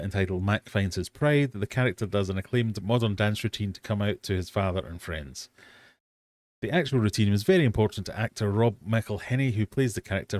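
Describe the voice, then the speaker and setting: A man's voice: on the low side, dry recording. A British man hosting a live-stream quiz from his fish room, reading out questions and chatting with self-mocking dad jokes.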